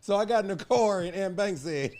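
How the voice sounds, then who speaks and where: A man's voice: high voice, lively intonation, brisk, a little mellow. A man hosting a podcast, asking laid-back questions and joking with his guest. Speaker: podcast host. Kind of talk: casual interview talk.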